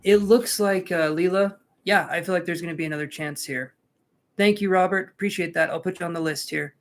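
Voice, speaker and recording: A man with a high, steady voice speaks fairly quickly over a slight hiss or hum. He gives live tarot readings in a casual live-stream chat, calling out viewers' names and joking between cards.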